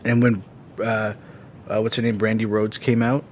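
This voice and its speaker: A man co-hosting a casual podcast chat, rambling with lots of fillers and swearing freely when excited. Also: lowish voice, moderate pace, a little hiss or hum. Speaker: podcast co-host.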